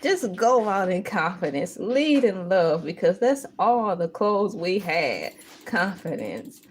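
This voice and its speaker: A woman hosting a casual live stream, animated and laughing, breaking into sung exclamations. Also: medium pitch, slow pace, a little hiss or hum. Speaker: livestream host.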